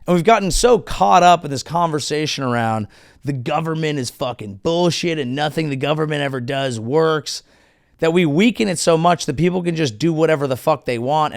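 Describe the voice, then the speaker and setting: Man ranting sarcastically with gravelly voice. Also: on the high side, dry recording, studio quality. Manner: sarcastic, animated, profane ranting. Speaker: comedian host. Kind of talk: comedic political monologue.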